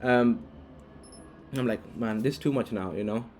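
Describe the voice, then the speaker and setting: A man's voice: medium pitch, a little slow, darkish tone, a little hiss or hum. Rambling man telling a story. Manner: rambling, frequent restarts and fillers. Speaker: vlogger. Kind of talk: casual storytelling to camera.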